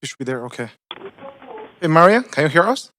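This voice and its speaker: A man's voice: fairly high pitch, very animated, a little fast, bright, forceful tone, slight background noise. A man chairing a council meeting, patiently calling the next speakers and repeating his prompts.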